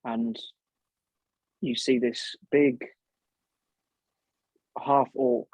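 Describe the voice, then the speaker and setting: A man narrating a tabletop game as dungeon master, unhurried and halting, with many fillers. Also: mid-range voice, flat delivery, a little mellow, no echo, rough recording.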